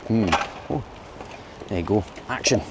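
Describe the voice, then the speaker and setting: A Glaswegian man from Scotland vlogs as he walks the city streets at night, chatting, rambling and laughing at his own jokes. His voice sits fairly low and unhurried, with heavy background noise behind it.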